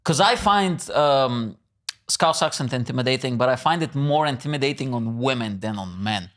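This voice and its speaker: A man's voice: medium pitch, animated, normal speed, fairly bright tone. A man hosting a comedy podcast, laughing often and teasing his guest in casual chat.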